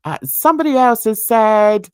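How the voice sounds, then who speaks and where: A woman's voice: on the high side, normal speed, a little mellow, smooth, no room sound, clean studio sound. A woman hosting a true crime channel, reading viewer comments aloud in a casual, self-mocking way, stumbling over words and laughing at herself.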